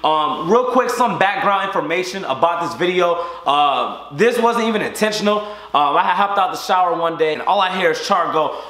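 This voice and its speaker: A young man hosting a casual prank vlog, talking loud and teasing his friends. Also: high voice, expressive, normal speed, hardly any pauses. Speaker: vlogger. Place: room with friends. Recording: echoey room.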